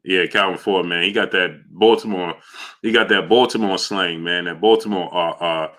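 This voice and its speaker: A man hosting a casual boxing livestream from New York, reading super chats and shouting out viewers by name in loud bursts. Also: low-pitched, fairly even intonation, normal speed.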